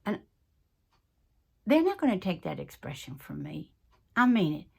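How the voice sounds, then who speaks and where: A woman's voice: fairly low pitch, very animated, a little slow, gravelly, a little mellow, breathy edge. A woman in her sixties with a Southern US accent, chatting casually and earnestly to her viewers as a craft channel host, full of folksy asides. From American South. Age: 60s. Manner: chatty, earnest, folksy, with many "y'all" and "you know". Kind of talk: casual chat to camera.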